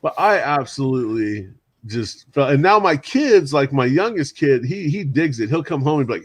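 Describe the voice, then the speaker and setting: Forties man, animated and lively, acts out others' lines mid-story; casual hangout chat. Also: medium pitch, normal speed, breathy edge, no room sound. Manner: animated storyteller who mimics others, laughs often.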